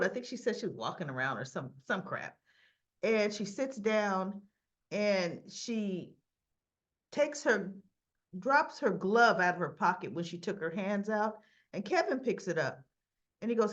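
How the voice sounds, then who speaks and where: A woman's voice: lowish voice, lively intonation, a little slow, muffled recording. A woman chatting casually and with strong opinions as she recaps a soap opera, acting out the characters' lines as she goes. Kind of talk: casual chat.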